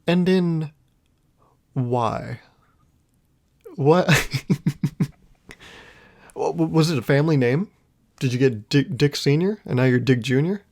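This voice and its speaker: A man's voice: fairly high pitch, takes it slowly, gravelly, long pauses, a little mellow. A young man hosting a solo podcast, rambling through a casual comedic monologue and laughing at his own jokes. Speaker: podcast host.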